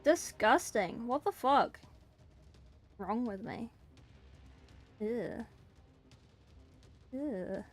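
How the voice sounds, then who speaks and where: A woman's voice: a little high, lively intonation, extremely slow, pauses often, faint music behind. A woman streamer chatting casually while painting, self-deprecating, swearing and giggling. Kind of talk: casual livestream chat.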